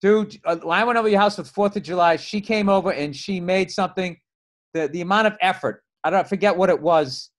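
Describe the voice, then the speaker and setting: A man's voice: sits high, fast. A middle-aged male comedian ribbing his friend in casual podcast chat, blunt and profane. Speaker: guest comedian.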